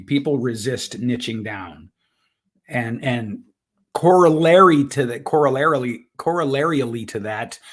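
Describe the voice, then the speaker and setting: Husky-voiced man hosting. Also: mid-range voice. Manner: agreeable, thoughtful interjections. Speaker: host. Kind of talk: casual chat.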